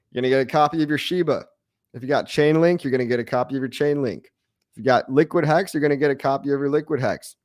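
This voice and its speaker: A man hosting a crypto livestream, talking casually to his chat in an excitable, brash way, mocking critics and repeating his lines for emphasis. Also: medium pitch, no room sound, studio quality. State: out of breath. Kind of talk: live-stream chat reacting to viewers.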